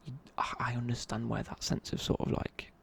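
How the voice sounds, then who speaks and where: A man's voice: medium pitch, little pitch movement, a little fast, vocal fry. A young man telling a rambling casual story in a whispered ASMR chat. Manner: rambling, casual, many fillers and restarts. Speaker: ASMR creator.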